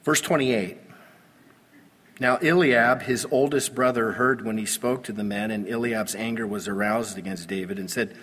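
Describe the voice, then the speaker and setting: A man preaching a sermon, pastor at the pulpit, animated with sudden loud emphasis. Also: on the low side, moderate pace, breathy edge, long reverb tail.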